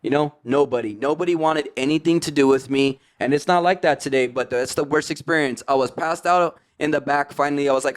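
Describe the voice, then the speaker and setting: A man's voice: a little high, fairly quick, few pauses. A man, a podcast guest in recovery, telling his story in casual slang, full of "like" and "you know what I mean".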